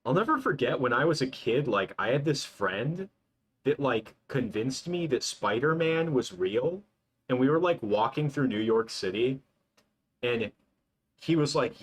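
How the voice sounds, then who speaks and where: Answering viewers as he works, a young man streaming his animation talks at a moderate pace in an animated, medium-pitched voice. His casual chat rambles and is full of "like" fillers.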